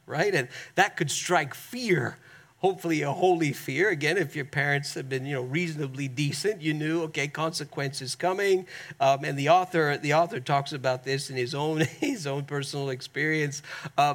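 Male pastor, slightly high and gravelly, emphatic sermon delivery with drawn-out stresses. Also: fairly bright tone. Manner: emphatic, drawn-out stresses, asks the congregation to repeat.

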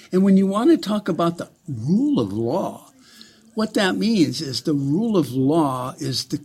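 A man delivering a heated, profane, sarcastic ranting monologue in a husky voice. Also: on the high side.

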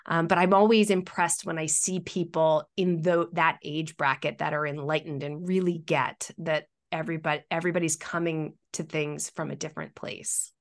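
Low-voiced woman coaching communication skills. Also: steady tone, moderate pace, few pauses. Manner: explanatory, coaching tone with practical tips. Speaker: guest, workplace communication consultant. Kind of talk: podcast interview.

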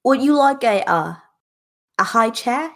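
A woman's voice: fairly high pitch, expressive, a little slow, fairly bright tone, voice pushed up. A woman voicing a bustling, fussy female sea elf hostess who talks down to guests. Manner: fussy, patronizing.

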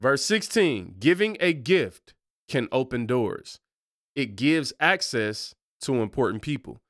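Male preacher, casual animated sermon delivery, lively pitch, dry close sound. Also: slow, dry recording. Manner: conversational, animated preaching with rhetorical questions.

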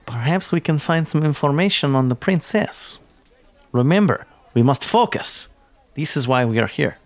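A man voicing a formal, devout male clan warrior who speaks in stiff, halting phrases during a tabletop game. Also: a little high, lively intonation, dry recording. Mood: earnest formal. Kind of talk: tabletop role-play.

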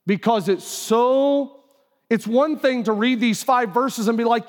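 High-voiced animated pastor preaching. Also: male voice, moderate pace. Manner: conversational, animated, acts out quoted voices. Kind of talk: sermon. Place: church auditorium. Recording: live hall with long reverb.

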